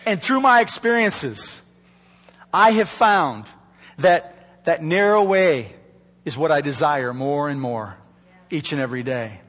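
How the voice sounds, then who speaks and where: Earnest high-voiced preaching man. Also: fairly bright tone, long reverb tail. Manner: earnest pleading preaching, slows for emphasis. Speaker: pastor. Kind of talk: sermon. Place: church sanctuary. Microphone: microphone.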